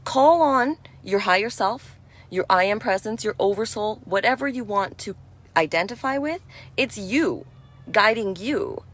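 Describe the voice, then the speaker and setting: A woman giving a spiritual energy talk in a gentle, reassuring and affirming way, chatty with frequent "you know". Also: mid-range voice, animated, measured pace. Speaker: spiritual speaker.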